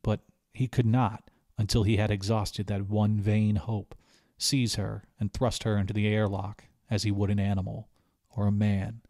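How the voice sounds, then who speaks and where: A man reading a short story aloud as an audiobook narrator, with steady, even storytelling. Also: on the low side, normal speed, no room sound. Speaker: audiobook reader. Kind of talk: scripted narration.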